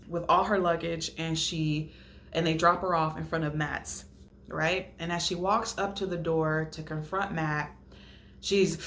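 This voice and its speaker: A woman's voice: fairly low pitch, a little hiss or hum. A woman hosting a casual recap of a reality show, talking animatedly and ranting, re-enacting what others said with mocking voices. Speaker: host.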